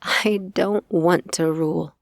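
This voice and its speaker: A defiant young vampire woman, voiced by the woman narrator speaks sharply. Her voice is low with a gravelly grain. The sound is close and dry. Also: fairly even intonation, slow, no echo, full character voice.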